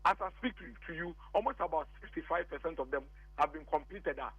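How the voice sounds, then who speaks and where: High-voiced Ghanaian man on a tinny phone line. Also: fast talker, slightly rough, dry recording. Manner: insistent, repeats points, mixes English and Twi. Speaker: political guest on a radio show. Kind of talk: heated political argument on a phone-in.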